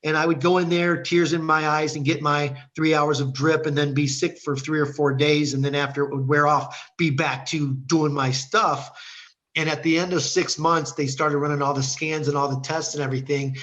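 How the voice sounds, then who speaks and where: A man's voice: on the high side, flat delivery, moderate pace, fairly bright tone. A middle-aged man from Ohio, a guest telling his faith testimony in an earnest, storytelling way over a video call. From Ohio, USA. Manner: earnest storyteller who acts out quoted dialogue.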